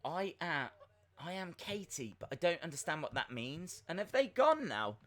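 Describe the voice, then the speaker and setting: A young man hosting a live wrestling watch-along, chatting excitedly, rambling and flustered as he reads viewer comments. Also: fairly high pitch, normal speed. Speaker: livestream host reacting to wrestling.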